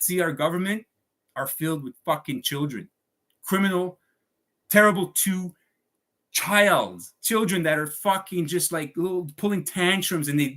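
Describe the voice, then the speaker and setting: A man's voice: a little high, bright, forceful tone. A man ranting to his viewers in a heated monologue, swearing often and repeating himself. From Canada. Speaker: vlogger.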